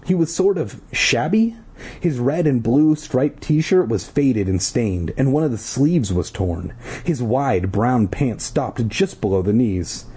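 A man reads a children's adventure story aloud, stopping now and then to crack sarcastic jokes. His voice swings up and down a lot, with a husky, mellow tone. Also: mid-range voice, expressive, takes it slowly. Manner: jokey, breaks off into sarcastic commentary. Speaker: audiobook reader. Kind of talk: casual comedic reading aloud with asides.

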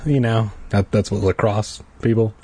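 A man's voice: on the low side, fairly even intonation, moderate pace, mellow, a little hiss or hum. A man casually reading a children's horror book aloud, breaking off into offhand crude joking asides and stumbling over words. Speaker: reader.

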